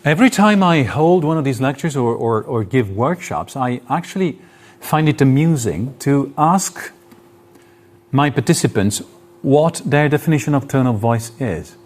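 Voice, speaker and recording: A man's voice: mid-range voice, lively intonation, normal speed, a little mellow. A man lecturing to an audience in a hall, explaining his points with spoken examples and shifts in intonation. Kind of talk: live lecture.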